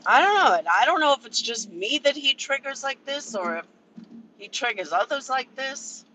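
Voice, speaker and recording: A man's voice: very high voice, sing-song, normal speed, bright, forceful tone, a little hiss or hum, rough recording. A man ranting casually and profanely on a livestream from a vehicle, answering chat members by name. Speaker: livestream commentator.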